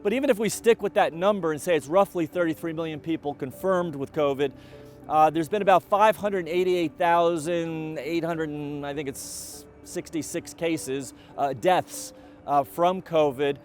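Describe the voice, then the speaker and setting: Middle-aged guy giving a college update, kinda high voice, slow and careful, lots of uhs, faint music behind. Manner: measured, deliberate, with frequent fillers and restarts. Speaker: college president. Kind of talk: video update to the college community.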